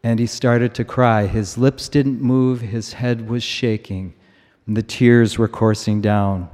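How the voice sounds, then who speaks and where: Slow, measured male preacher in reverb. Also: mid-range voice, steady tone, darkish tone. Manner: slow, measured, emphatic repetition. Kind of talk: sermon. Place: church. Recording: long reverb of a large church.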